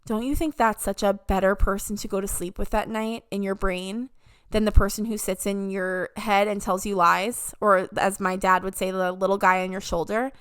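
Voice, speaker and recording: A woman's voice: mid-range voice, level tone, normal speed, a bit bright, clean tone. A young adult woman hosting a podcast, giving an upbeat motivational talk and mimicking voices when she quotes people. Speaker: podcast host. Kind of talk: casual motivational monologue.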